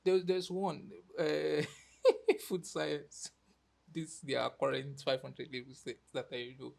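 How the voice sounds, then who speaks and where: Gravelly young podcaster. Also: mid-range voice. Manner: wry, teasing reactions with slang. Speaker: podcast co-host. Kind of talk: casual chat.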